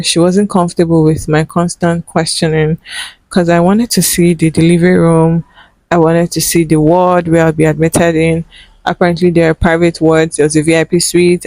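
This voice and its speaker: A woman's voice: low-pitched, darkish tone, dry recording, low-quality recording. A young woman vlogger telling a personal story in an emotional, earnest way, with many fillers.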